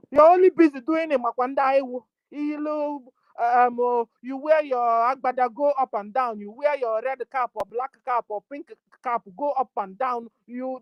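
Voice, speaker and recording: A woman with a Nigerian accent giving an impassioned political address, scolding her listeners over and over and rising to shouts. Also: high-pitched, no room sound, dull audio. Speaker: activist speaker.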